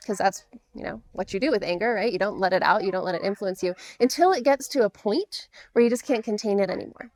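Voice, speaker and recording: A middle-aged woman coaching men through divorce, explaining patiently and earnestly in a direct-to-camera talk. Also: medium pitch.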